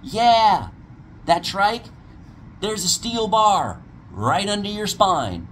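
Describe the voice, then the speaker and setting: Blunt ranting man, lively pitch. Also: slow pace, slight background noise. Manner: blunt, combative, mocking. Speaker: paramotor dealer and instructor. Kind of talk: ranting commentary video.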